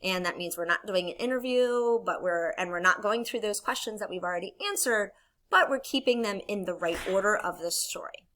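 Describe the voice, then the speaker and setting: A woman's voice: mid-range voice, a little fast, sharp tone. A woman teacher giving a recorded classroom lesson, explaining patiently and encouraging students step by step.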